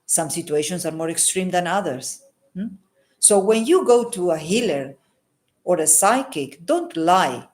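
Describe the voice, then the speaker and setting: Talking unscripted to camera, this woman, a holistic healer and psychic, offers earnest advice, repeating phrases for emphasis and following her points with an inquiring "hmm?". Her voice runs on the low side, darkish and a little slow, with lively intonation.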